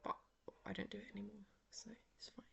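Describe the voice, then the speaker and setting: Sleepy young woman rambling softly, keeps trailing off into whispers, mid pitch. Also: little pitch movement, quick pace, gravelly, husky. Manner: rambling, soft and often dropping into a whisper. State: sleepy, yawning. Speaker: vlogger. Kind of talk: casual chat.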